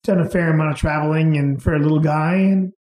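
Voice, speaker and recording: A middle-aged man, an interview guest, telling anecdotes in an unhurried way and chuckling as he goes. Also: a little high, steady tone, darkish tone, roomy sound. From Canada. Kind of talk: casual storytelling.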